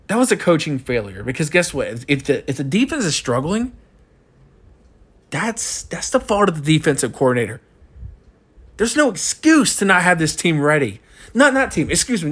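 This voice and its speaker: A young man giving a frustrated postgame rant as a college football fan, repeating himself and ranting. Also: a little high.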